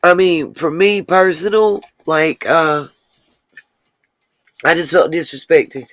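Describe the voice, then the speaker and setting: Here a woman hosts a relaxed livestream, her low-pitched voice recorded dry. Talking right to the people watching, she chats away, fields their comments in real time, and drifts into drawn-out tangents.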